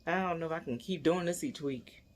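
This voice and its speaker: A woman's voice: low voice, a little fast. A stressed woman vlogging casually, rambling anxiously and often dropping to near whispers. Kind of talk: casual personal vlog.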